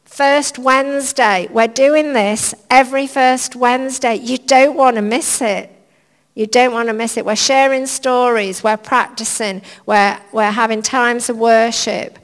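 A woman preaching at an unhurried pace, her fairly high voice carrying a gravelly edge. She talks in a chatty, anecdotal way with gentle humor, and the sound rings with the long reverb of a large church hall. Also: fairly even intonation. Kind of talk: informal sermon.

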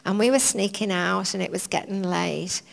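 A woman preacher giving an informal sermon in a church hall, chatty, anecdotal and gently humorous. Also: mid-range voice, normal speed, creaky. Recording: long reverb of a church hall.

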